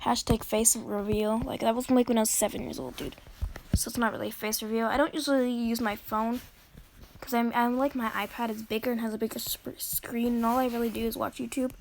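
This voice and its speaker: Woman, higher voice, casual rambling storyteller who keeps restarting sentences. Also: steady tone, a little fast, creaky, a little mellow, slight background noise. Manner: rambling, many fillers and self-corrections. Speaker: fan storyteller.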